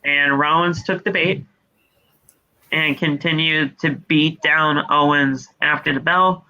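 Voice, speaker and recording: A man's voice: fairly high pitch, steady tone, takes it slowly, pushed and bright, muffled recording. A man co-hosting a podcast, recapping wrestling in casual, profane play-by-play. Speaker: podcast co-host.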